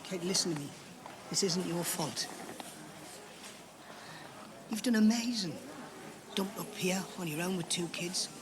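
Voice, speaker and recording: Soft-spoken kindly older man, noisy film audio. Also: high-pitched, a little slow, pauses often. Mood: reassuring. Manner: soft, reassuring. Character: gentle older working man comforting a friend.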